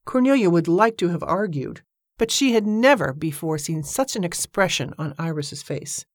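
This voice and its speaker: Narrating a novel from a script, the female audiobook narrator speaks on the low side in a measured, even way. The recording is dry and of studio quality.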